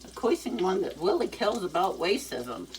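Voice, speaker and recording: Older woman, low voice, lively swooping delivery, cussing freely, rambling cooking vlog, faint sizzle of frying behind. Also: normal speed, a little hiss or hum, poor audio. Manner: profane, candid, rambling. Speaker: cooking vlogger. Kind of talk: casual rambling monologue while cooking. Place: home kitchen. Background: sizzling frying pan.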